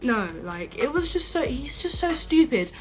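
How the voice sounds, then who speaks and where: A woman's voice: high-pitched, very animated, moderate pace. A young woman telling a storytime vlog in a chatty, indignant way, full of filler words. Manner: indignant, rising to outbursts. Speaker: vlogger.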